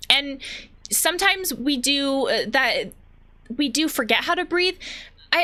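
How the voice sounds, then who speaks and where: A woman's voice: fairly high pitch, sharp tone. A woman therapist chatting casually about anxiety while playing a video game, thoughtful and chatty, with many fillers and restarts. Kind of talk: casual commentary while gaming.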